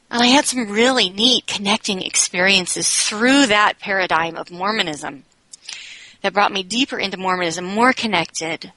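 A woman's voice: medium pitch, sharp tone, no echo, low-quality recording. A woman speaking as an interview guest, telling a personal story in a candid, reflective way and often saying "you know.".

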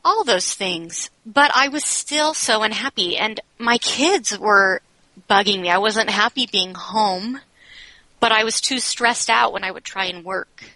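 A woman's voice: mid-range voice, measured pace, sharp tone, no room sound, low-quality recording. A woman speaking as an interview guest, telling a personal story in a candid, reflective way and often saying "you know.".

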